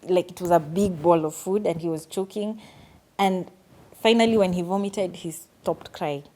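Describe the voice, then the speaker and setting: A young woman telling a personal story on her vlog in an earnest, animated way. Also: fairly low pitch, moderate pace. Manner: earnest, animated retelling with quoted asides. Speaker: vlogger.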